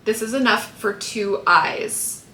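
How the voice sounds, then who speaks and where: Woman makeup vlogger, casual and rambling, crisp bright tone. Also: fairly high pitch, slow pace. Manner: chatty, rambling asides. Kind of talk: casual tutorial chat. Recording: roomy echo, faint hiss.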